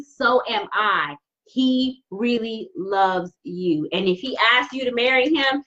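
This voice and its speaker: A woman's voice: mid-range voice, a little slow, fairly bright tone, lo-fi sound. A woman giving a live-streamed tarot reading, effusive and repeating phrases for emphasis. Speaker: tarot reader.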